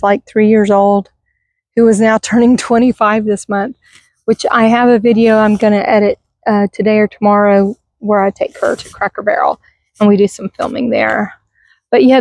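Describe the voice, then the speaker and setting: A middle-aged woman from Texas giving a casual, rambling tour of her neglected yard, talking warmly to her viewers and turning wistful at times, recorded outdoors on a handheld camera. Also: fairly high pitch, no echo. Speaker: vlogger. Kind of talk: casual garden tour vlog. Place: outdoors in a yard by a busy street.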